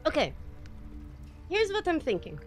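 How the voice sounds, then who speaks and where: A woman streaming a game live, reacting excitedly, swearing, and thanking viewers in casual chat. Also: high-pitched, measured pace, soft background music. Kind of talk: live gameplay commentary.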